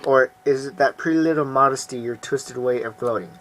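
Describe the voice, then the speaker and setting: A man's voice: mid-range voice, brisk, fairly bright tone, lightly acted. A man reading the lines of a surly, suspicious young man in a game, curt and sneering.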